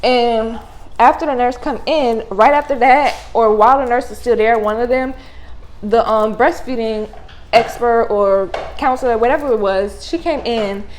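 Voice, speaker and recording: Young woman vlogger, high-ish voice, blunt and animated storyteller. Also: moderate pace, a little hiss or hum, rough recording. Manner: animated, blunt, slangy with swearing. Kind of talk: casual storytime.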